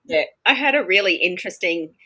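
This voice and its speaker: A woman chats casually, a teacher recounting a story with lively energy. Her voice sits a little low yet has a bright, forward edge. She slips into the voices of the people in her tale. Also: fairly quick, low-quality recording. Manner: animated, acts out the other people in her stories.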